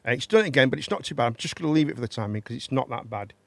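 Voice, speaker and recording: A man's voice: medium pitch, animated, racing, fairly bright tone, no room sound. A man hosting a casual live-stream chat show. He rambles, repeats his words and banters with his guests.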